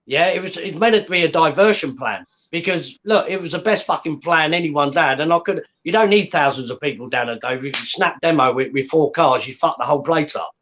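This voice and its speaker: A man's voice: fairly high pitch, a little fast, few pauses, fairly bright tone, dull audio. A man on an online call, ranting angrily and swearing constantly, punctuating points with "yeah?". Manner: swearing, combative, repeats "yeah?" for emphasis. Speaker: guest. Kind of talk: angry ranting on a livestream.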